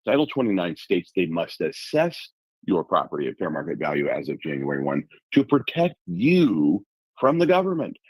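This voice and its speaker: A man from Alaska with a very deep, husky voice, speaking as a talk show guest. He tells his story with energy and colorful comparisons, and the recording is dry and close. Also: very animated, moderate pace, darkish tone, dry recording, low-quality recording. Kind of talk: conversational interview.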